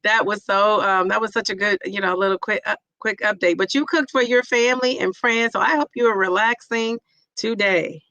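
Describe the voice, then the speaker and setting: A middle-aged woman chatting on a live stream, reading out comments and cheering on her viewers. Her voice is gravelly and bright, with a dry, close sound. She talks in a loose, rambling way. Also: medium pitch, fairly even intonation, normal speed, dry recording. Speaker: vlogger hosting a live chat. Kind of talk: casual live-stream chat.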